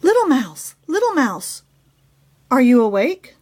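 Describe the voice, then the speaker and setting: A woman voicing a small, brave mother hen with high, squeaky calls in a children's storybook read-aloud. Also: huge pitch swings, slow pace, heavily acted. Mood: worried.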